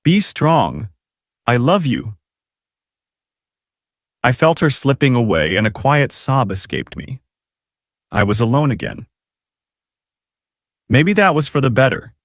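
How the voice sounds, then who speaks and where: A man narrating a first-person novel in an expressive, somber way. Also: medium pitch, normal speed, pauses often, no room sound, studio quality. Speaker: audiobook reader.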